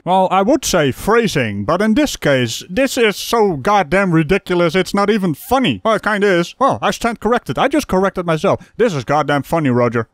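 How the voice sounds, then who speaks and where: A man's voice: high voice, no room sound, studio quality. A man hosting a comedic reaction commentary, mocking what he watches with sarcastic asides. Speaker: host reacting to a video.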